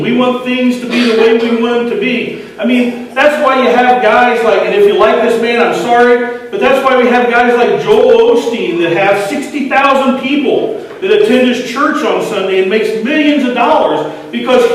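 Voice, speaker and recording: A man giving an earnest sermon in a church, putting question after question to the congregation. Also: extremely high pitch. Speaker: lay speaker. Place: church sanctuary. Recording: echoey church hall from far off.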